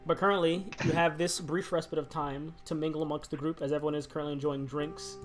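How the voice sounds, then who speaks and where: A man's voice: a little high, level tone, fast talker, music in the background. Casual, laughing male game master. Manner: casual, laughing, restarts sentences. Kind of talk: narrating a tabletop role-play game.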